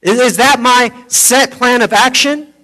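A man with a high voice preaching a sermon. He is earnest, and his teaching slips into hushed, tender storytelling. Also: unhurried, poor audio. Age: adult, parent of a foster daughter. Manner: earnest, drops softly into personal stories. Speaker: pastor.

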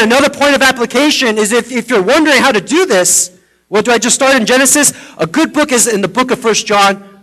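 A man with a high voice preaching a sermon. He is earnest, and his teaching slips into hushed, tender storytelling. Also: rough recording. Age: adult, parent of a foster daughter. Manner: earnest, drops softly into personal stories. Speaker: pastor.

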